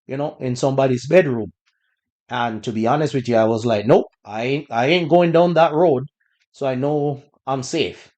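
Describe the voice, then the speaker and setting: A man hosting a podcast, telling a personal story in a relaxed, conversational way with bursts of laughter. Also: medium pitch. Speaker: podcast host. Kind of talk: casual storytelling.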